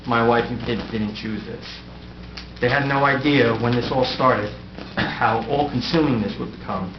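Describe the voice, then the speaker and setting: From a council dais, a middle-aged outgoing mayor delivers a prepared farewell speech full of wry, self-deprecating humor. He speaks at medium pitch and a measured pace. The room recording is echoey, dull and noisy.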